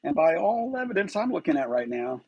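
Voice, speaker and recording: A man's voice: fairly high pitch, big pitch swings, a little fast, creaky, dull audio, noisy background. A man hosting a live stream of true-crime commentary, agitated and firing rhetorical questions.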